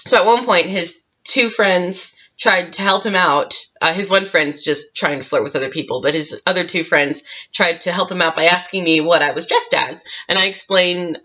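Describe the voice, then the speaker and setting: A woman's voice: lowish voice, pushed and bright. A woman cosplayer telling a convention story in a casual storytime vlog, chatty, with frequent laughs and fillers, on a dull, lo-fi recording. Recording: dull lo-fi sound.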